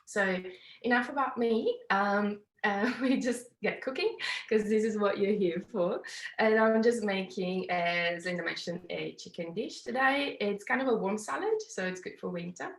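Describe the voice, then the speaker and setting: A woman's voice: mid-range voice, normal speed. A woman with an Italian accent giving a live cooking class, explaining each step in a chatty, slightly apologetic way from her kitchen. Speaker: cooking demonstrator. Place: home kitchen. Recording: roomy echoey kitchen.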